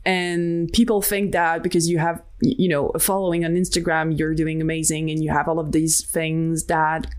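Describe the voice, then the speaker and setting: A woman's voice: sits low, level tone, moderate pace, few pauses, a little mellow. A young woman being interviewed about her art, talking candidly and reflectively, with many fillers and restarts. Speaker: interview guest, digital artist. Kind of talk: casual interview conversation.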